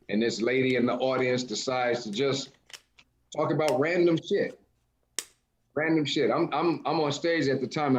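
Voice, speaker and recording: A man, a stand-up comedian, casually recounting a story about a heckler. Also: mid-range voice. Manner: lively, acts out other people's lines. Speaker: comedian co-host.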